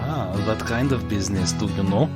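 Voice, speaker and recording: A man's voice: fairly low pitch, fairly quick, over loud music, lightly acted. A man voicing an older male Russian inventor in a tabletop game, with a put-on Russian accent and broken English. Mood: boastful. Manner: loud and emphatic, broken English.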